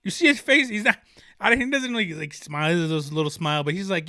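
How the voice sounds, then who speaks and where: A young man riffs through a solo sports podcast, his voice bright and a touch high. He talks with fervent emphasis, circling back and restarting his thoughts. The sound is dry and close. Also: sing-song, fairly quick, dry recording. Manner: passionate, emphatic, rambling with restarts. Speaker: podcast host.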